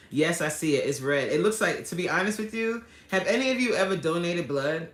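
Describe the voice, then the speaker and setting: Speaking low and briskly with lively intonation and hardly a pause, a female livestream host chats casually, reading out viewer comments and laughing often. The recording sounds reverberant.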